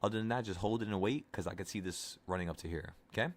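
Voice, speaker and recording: A man's voice: on the low side, fast. A man in his twenties, casually talking viewers through an options trade and reassuring them in a rambling, coaching way. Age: 20s. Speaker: options trading streamer. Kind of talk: casual live trading talk to viewers.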